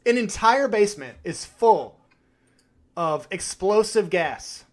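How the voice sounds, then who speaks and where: A man co-hosting a podcast, chatting casually, animated and quick to swear as he acts out reactions. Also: sits high. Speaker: podcast co-host. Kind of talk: casual chat.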